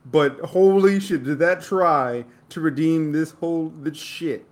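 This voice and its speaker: A man co-hosting a casual movie podcast, blunt, joking and quick to swear. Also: fairly high pitch. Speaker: podcast co-host.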